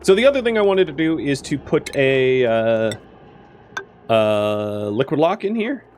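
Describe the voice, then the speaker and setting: Very animated but a little slow, a young man with a medium-pitched, darkish voice comments on his colony game against slight background noise. As a gaming streamer doing casual let's-play commentary, he rambles and corrects himself, with plenty of fillers.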